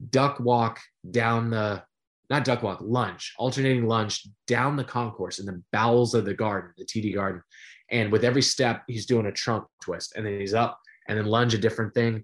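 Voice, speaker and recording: Lively man telling a story, lower voice. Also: moderate pace. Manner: animated storyteller with many fillers. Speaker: sportscaster guest. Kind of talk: casual storytelling interview.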